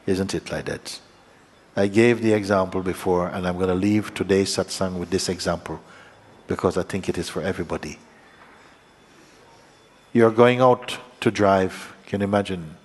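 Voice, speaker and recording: A man with a fairly low voice gives a spiritual teaching in a reverberant hall. He speaks slowly and reflectively, in plain, simple phrases broken by halting pauses. The long echo of the room trails after each phrase. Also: husky. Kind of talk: satsang talk.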